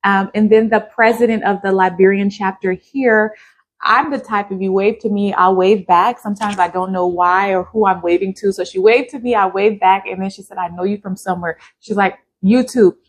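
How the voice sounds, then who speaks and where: A woman's voice: medium pitch, fairly even intonation, normal speed. Chatty woman vlogging to her viewers. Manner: chatty, direct address to viewers. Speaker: YouTube vlogger. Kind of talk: casual vlog talk to camera.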